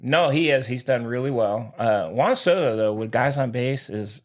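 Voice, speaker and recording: A man's voice: medium pitch, expressive, normal speed. A man co-hosting a casual podcast, joking around while talking sports. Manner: playful, jokey, sports fan banter. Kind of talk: casual chat.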